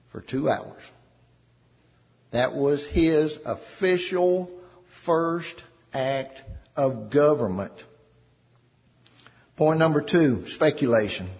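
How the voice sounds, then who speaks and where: Male preacher, fairly high voice, slow deliberate delivery with dramatic pauses, echoing church hall. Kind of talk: sermon.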